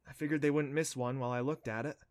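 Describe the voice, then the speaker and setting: A man voicing a nervous, excitable young girl with a squeaky voice, in an audiobook reading. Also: fast, close to an everyday voice. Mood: sulky. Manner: squeaky, jittery.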